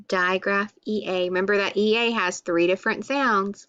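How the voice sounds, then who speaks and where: A woman teacher slowly leading a children's phonics lesson, naming letters, sounds and spelling patterns. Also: medium pitch, flat delivery, fairly bright tone, no echo, muffled recording. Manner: slow, patient, drilling letters and sounds.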